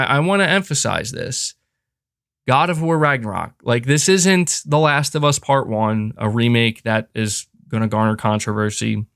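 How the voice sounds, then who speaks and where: A man hosting a podcast who rants with passion and leans hard on key words. His voice sits at an ordinary middle pitch. The close mic gives a dry sound with no room echo. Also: a bit bright. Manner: emphatic, passionate ranting. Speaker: podcast host. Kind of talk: casual opinion commentary.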